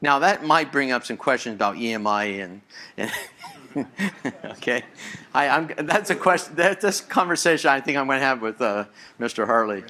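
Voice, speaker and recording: Bright-voiced, enthusiastic male conference speaker. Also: mid-range voice, expressive, normal speed. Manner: enthusiastic, conversational, repeats and restarts words. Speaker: senior PCB engineer giving a conference talk. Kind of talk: live conference presentation. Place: conference hall with audience.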